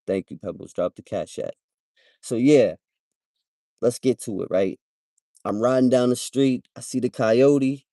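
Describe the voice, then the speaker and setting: Guy on a livestream telling a story, slangy, keeps saying right?, mellow low voice. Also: no echo, studio quality. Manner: slangy, repeats "right?" as a tag. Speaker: livestream host.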